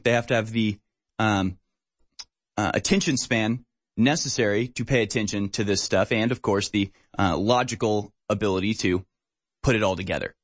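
A man's voice: medium pitch, no echo. A man hosting a talk show, rambling and sarcastic with many fillers. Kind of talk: casual opinion talk.

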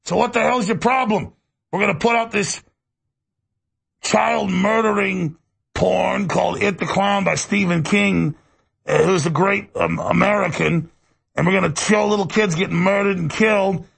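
A gravelly Brooklyn killer clown. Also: male voice, sits high, exaggerated voice. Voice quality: gravelly, husky. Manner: taunting, shouting rants, cackling. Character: menacing male killer clown with a Brooklyn accent. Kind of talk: comedic studio sketch.

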